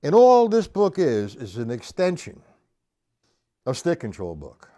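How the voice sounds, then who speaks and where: A man runs a live-streamed drum lesson. He talks in a relaxed, explanatory way and keeps counting the beats out loud as he demonstrates. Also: on the high side, a little slow. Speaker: drum teacher.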